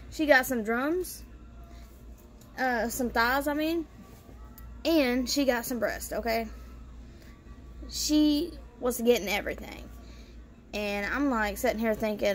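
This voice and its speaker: A woman's voice: on the high side, takes it slowly, pauses often, faint music behind. A woman vlogger telling a family story in casual style, bluntly and with free swearing. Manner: blunt, swears freely, lots of "you know" fillers.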